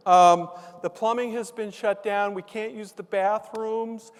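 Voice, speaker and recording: A man putting on the voice of a flustered woman school assistant making an announcement, deadpan and joking, in a reverberant hall. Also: sits high, unhurried, smooth, voice pushed up. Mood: announcing.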